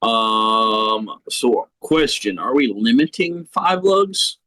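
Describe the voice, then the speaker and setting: A man with a middle-pitched voice co-hosts a podcast, chatting casually. He jokes in a dry, playful way. His voice is recorded close and dry. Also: slow, bright, forceful tone, no echo, poor audio. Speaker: podcast co-host. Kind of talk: casual chat reviewing race car paint schemes.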